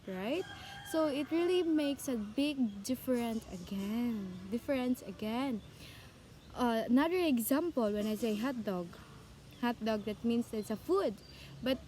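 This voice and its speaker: Woman presenter, high voice, unhurried, walks through examples and answers her own questions. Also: warm tone, a little hiss or hum. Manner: repeats examples, asks questions and answers them herself. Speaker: presenter explaining speech skills. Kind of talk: informal classroom explanation.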